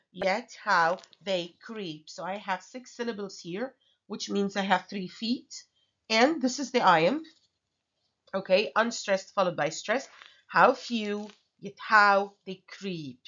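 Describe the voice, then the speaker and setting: A woman giving a literature lecture in a chatty way, with many fillers and frequent "okay?" checks. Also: medium pitch. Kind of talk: recorded online lecture. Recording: slightly dull lo-fi audio.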